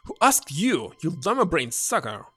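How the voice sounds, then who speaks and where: Brash young thief girl, read by a man, loud and mocking, husky. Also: on the high side, wildly swooping pitch, extremely slow, dry recording, soft background music, exaggerated voice. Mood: brash taunting.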